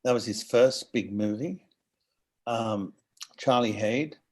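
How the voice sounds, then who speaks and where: An older Australian man telling animated anecdotes as an interview guest, acting out the voices of people he quotes. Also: mid-range voice, takes it slowly. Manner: animated storyteller who acts out quoted voices. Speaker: guest actor.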